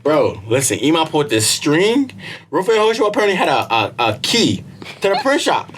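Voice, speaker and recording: Animated young man telling stories. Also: a little high, normal speed, a little hiss or hum. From Israel. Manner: animated slangy storyteller, laughs often. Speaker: podcast co-host. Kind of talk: casual chat.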